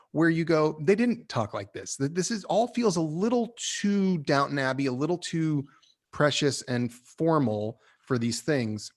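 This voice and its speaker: A man hosting a podcast, giving animated, opinionated notes on a screenplay and laughing often. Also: mid-range voice. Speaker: podcast host reviewing a screenplay. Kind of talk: casual critique chat.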